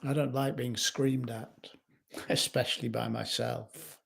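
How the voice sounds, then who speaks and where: A man speaking as a life coach in a slow, measured reflective talk, recorded in his home kitchen. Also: mid-range voice, steady tone, creaky, fairly bright tone, husky.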